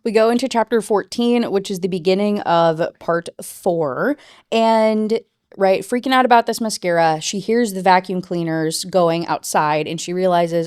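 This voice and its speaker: A woman's voice: mid-range voice, normal speed, a little mellow, smooth, no echo, clean studio sound. A woman book reviewer giving a casual rant review, chatty and full of "like" and "you know.".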